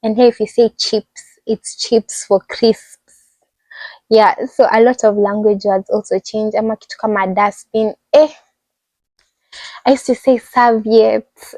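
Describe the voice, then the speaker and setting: A young woman with a Kenyan accent telling stories in a casual vlog, animated and acting out the people she describes. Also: on the high side, a little slow, dry recording, rough recording. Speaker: international student vlogger.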